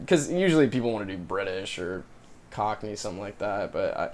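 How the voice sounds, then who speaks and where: A man's voice: on the low side, lively intonation, fast talker, darkish tone, a little hiss or hum. A man co-hosting a podcast in casual chat, talking in a rambling way about his acting classes and writing. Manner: rambling, many restarts and fillers. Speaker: podcast co-host and acting student.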